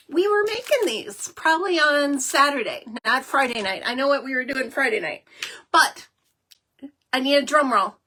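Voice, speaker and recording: A chatty, excitable middle-aged woman hosting a live card-making stream, with lots of fillers. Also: high-pitched, normal speed. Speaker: host of a live crafting show.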